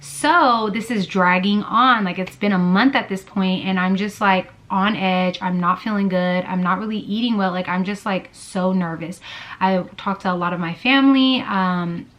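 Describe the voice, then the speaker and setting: A woman's voice: mid-range voice, normal speed, fairly bright tone. A woman vlogger telling a personal story in a casual, chatty way, full of fillers and blunt swearing. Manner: chatty, lots of "like" and "girl", swears freely.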